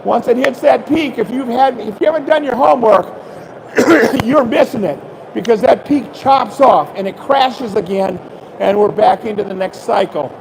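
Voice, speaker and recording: An older man, a fishing guide, telling lively fishing stories to a live expo crowd and acting out the dialogue. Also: very high-pitched, moderate pace, noisy background. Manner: animated storyteller, acts out dialogue, coughs and clears throat. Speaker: fishing guide giving a seminar. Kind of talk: storytelling talk at a fishing expo. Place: expo hall stage, live audience.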